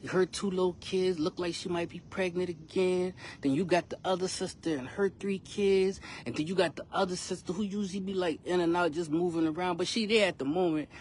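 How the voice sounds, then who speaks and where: A man's voice: sits high, fairly even intonation, fairly quick, few pauses, a little hiss or hum. A young man, a rapper telling his son a frustrating personal story in a casual, emphatic vlog full of slang. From South Carolina, US.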